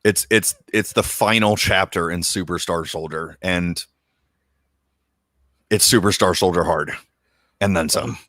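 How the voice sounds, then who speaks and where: A man co-hosting a podcast in casual chat, excitable and slangy, swearing casually. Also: a little slow, pauses often, no room sound, clean studio sound. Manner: excitable, slangy, swears casually, jumps into high voices for quoted lines. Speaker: podcast co-host.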